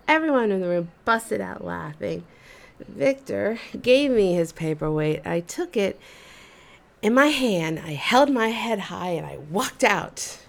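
A woman hosting a storytelling show, telling a personal story in an animated, expressive way. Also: fairly low pitch, a little slow, vocal fry. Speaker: storyteller host.

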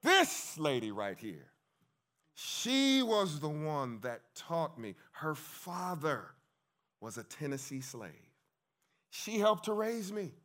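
A man preaching a lively sermon, emphatic and calling out to his congregation. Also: a little high. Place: church hall with congregation.

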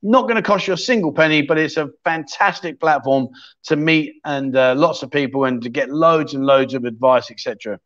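A man's voice: a little high, brisk, a bit bright. Guy hosting a livestream, rambling and joking while he reads comments, kinda muffled audio. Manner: chatty, jokey, thinks aloud while scrolling comments. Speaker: livestream chat show host. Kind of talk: casual livestream chat reading comments. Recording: slightly dull lo-fi sound.

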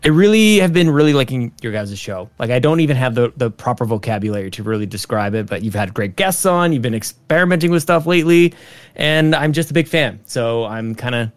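A man's voice: medium pitch, animated, fairly quick, dry recording. A man guesting on a podcast from his home basement over a call, talking with eager enthusiasm. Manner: enthusiastic, gushing. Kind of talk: casual podcast chat. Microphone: Discord call.

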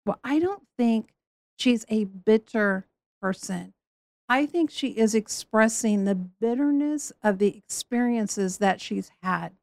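A woman teaching on a Bible story in a lively way, acting out the voices she quotes. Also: a little high, takes it slowly, dry recording.

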